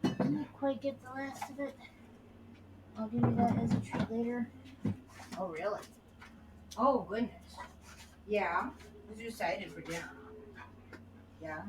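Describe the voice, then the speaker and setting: A woman's voice: on the high side, measured pace, long pauses, background noise. A middle-aged woman streaming a video game in casual chat, who often mumbles asides to herself. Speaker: gameplay streamer. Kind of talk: casual let's-play chat.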